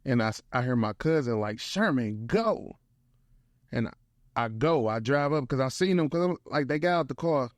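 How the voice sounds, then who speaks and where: A young man with a St. tells a story in a lively, slangy way, his voice sitting in the middle range. The sound is close and dry, with no room echo. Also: mid-range voice, fairly quick. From St. Louis, USA. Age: young adult. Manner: animated, slangy, peppers speech with "bro". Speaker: guest, motivational speaker. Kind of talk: casual storytelling.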